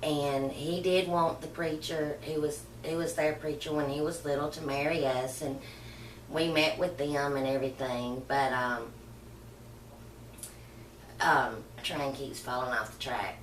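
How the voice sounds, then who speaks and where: A middle-aged woman, rambling softly through an emotional personal story for her channel. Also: deep voice, fairly even intonation, a little slow, a little hiss or hum. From Southern United States. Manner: rambling, soft-spoken, emotional reminiscing. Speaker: vlogger. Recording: roomy and far from the mic.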